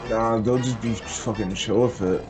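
A man's voice: on the low side, fairly even intonation, moderate pace. A young man joking crudely and swearing heavily while playing a kart racing game with a friend. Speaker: gamer. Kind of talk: casual gaming chat. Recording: game music playing behind.

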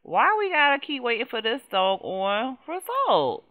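A woman's voice: fairly high pitch, very animated, unhurried, phone-quality sound. A woman voicing a worried, impatient little girl character in a life-sim game, with a whiny voice.

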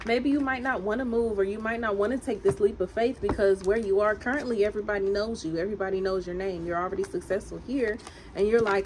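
A woman's voice: mid-range voice, quick pace. A woman with a Southern country accent doing a chatty, emphatic tarot reading for viewers. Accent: American Southern country. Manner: animated, emphatic, chatty and teasing. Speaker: tarot reader. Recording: noisy home recording.

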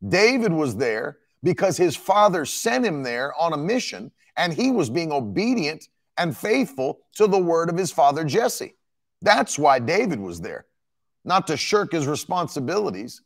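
Male preacher, emphatic sermon, gravelly voice, lively pitch. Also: normal speed. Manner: emphatic, animated Bible exposition.

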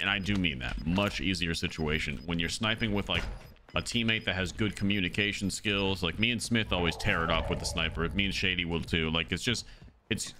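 This man has a low voice and streams a shooter, chatting loosely with viewers in a casual, chatty way and addressing them as "dude" and "brother." Background noise is present, and his streaming mic goes through an audio mixer.

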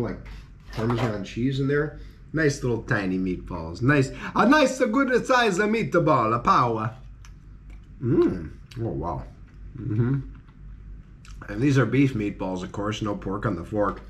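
Excitable man vlogging a food tasting. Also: lowish voice, slight background noise. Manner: excited, exclaiming over each dish. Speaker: travel vlogger.

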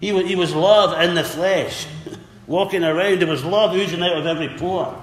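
A man's voice: high voice, fairly even intonation, normal speed. A man preaching a sermon earnestly, repeating words and calling out for amens. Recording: echoey hall with faint ambience.

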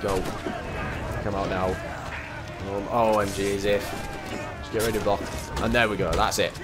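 A man's voice: fairly low pitch, little pitch movement, moderate pace. A young man giving gameplay commentary, muttering to himself and repeating his frustrations as he plays. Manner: exasperated, talking to himself, repetitive. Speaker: gamer. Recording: voice over game audio with loud music. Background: loud game music and cannon fire.

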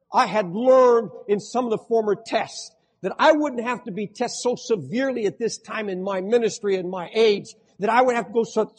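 An older man preaching a sermon as pastor, swinging between loud impassioned outbursts and hushed pleading. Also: high voice, slightly rough, long reverb tail.

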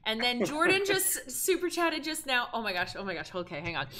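A woman hosting a game livestream, animated and laughing often as she reads out viewer donations. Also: a little high, fairly quick. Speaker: livestream host. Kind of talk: casual livestream chat reading donations.

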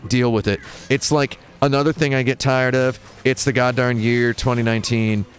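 A man's voice: medium pitch, fairly even intonation, moderate pace. An American man streaming a video game, talking in wry, rambling tangents with mock-indignant rants. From United States. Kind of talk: rambling live-stream commentary. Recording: game music playing behind.

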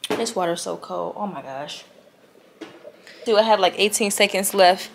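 Chatting with "y'all" as she gets ready at night, a woman vlogs from home using a camera on a tripod. She speaks at a normal pace in a mid-range voice with some vocal fry. There's a slight hiss or hum in the background.

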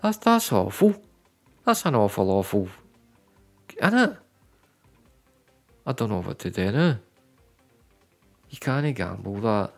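A man giving live commentary on slot machine spins, chatty and prone to repeating words, breaking into loud excited bursts. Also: fairly low pitch, slow, vocal fry, long pauses, faint music behind. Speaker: online slots streamer.

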